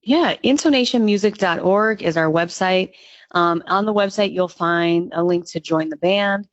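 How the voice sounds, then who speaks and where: A woman with a low voice speaks with enthusiasm as a radio interview guest. She often uses "um" fillers. The sound is dry and a little dull, like a lo-fi line. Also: moderate pace, no echo. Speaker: executive director of a youth music nonprofit.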